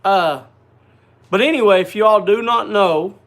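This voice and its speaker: A man's voice: high voice, measured pace, fairly bright tone. A man hosting a casual livestream, chatting and greeting viewers by name. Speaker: livestream host. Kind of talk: casual chat.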